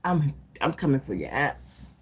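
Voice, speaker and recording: A woman's voice: deep voice, sing-song, a little slow, slightly rough, voice pushed down, heavily acted. A woman voicing an angry, protective mother bear who threatens an intruder in a blunt, menacing way.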